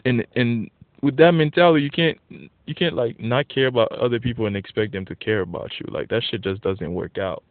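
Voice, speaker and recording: A man in a casual, profane ranting monologue, blunt and getting animated when worked up. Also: medium pitch, fairly quick, no room sound. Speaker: vlogger. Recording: tinny phone-like dry audio.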